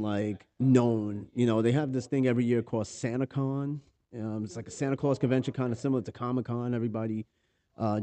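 Here a married podcast host with a New York accent offers casual news commentary, reading from articles and interrupting himself with offhand swearing. His voice sits in the mid-range with a warm tone, and there's no room sound.

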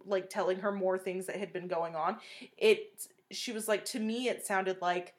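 A woman co-hosting a true-crime podcast in casual chat, animated and swearing often as she recounts details of a case. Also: medium pitch, moderate pace. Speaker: podcast co-host.

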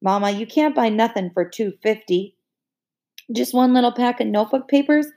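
A woman voicing a whiny young girl who pleads and complains in a high voice. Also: normal speed, dark tone, natural voice. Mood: whining. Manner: whining, pleading.

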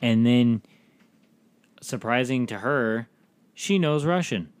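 A man's voice: mid-range voice, animated, slow, clean tone, no room sound. A man co-hosting a casual TV review chat, rambling and acting out characters' lines in quotes. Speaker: podcast co-host reviewing a TV episode.

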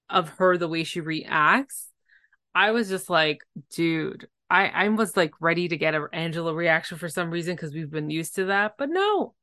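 A woman's voice: fairly low pitch, no echo, studio quality. A woman co-hosting a podcast, chatting casually as she recaps a reality show and acts out what people said. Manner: animated, acts out quotes in put-on voices. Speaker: podcast co-host.

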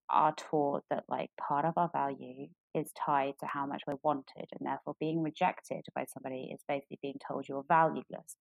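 A woman co-hosting a casual chat, candid and animated, with lots of fillers and restarts. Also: creaky, no echo, rough recording. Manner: candid and animated, jumps into high voices for quotes. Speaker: podcast co-host.

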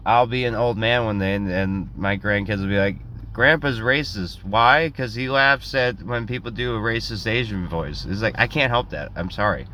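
A man's voice: fairly low pitch, fairly bright tone, slight background noise. A young man telling a rambling, self-deprecating comic story in a casual way, acting out quotes in other voices.

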